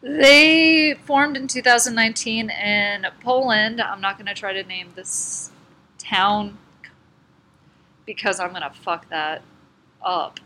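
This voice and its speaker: A woman's voice: mid-range voice, slow pace, pushed and bright, slight background noise. A woman co-hosting a casual podcast, introducing bands in a rambling, giggly way and swearing casually. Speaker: podcast co-host presenting bands. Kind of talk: casual chat.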